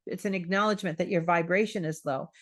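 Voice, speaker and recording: A woman's voice: lowish voice, fast talker. A woman hosting a spiritual wellness talk, chatting casually, repeating phrases and acting out quoted self-talk.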